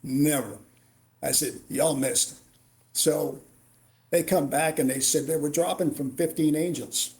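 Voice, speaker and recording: A man's voice: on the high side, fairly even intonation, a little slow, darkish tone. A middle-aged man, a retired Marine warrant officer, tells war stories as a podcast guest and acts out the dialogue. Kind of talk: storytelling interview.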